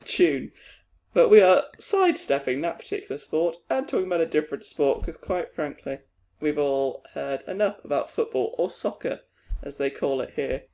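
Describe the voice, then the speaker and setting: Lively young British man, higher voice. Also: normal speed, pauses often. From Britain. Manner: lively, laughing, mimics others in high voices. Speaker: podcast co-host. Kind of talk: casual chat.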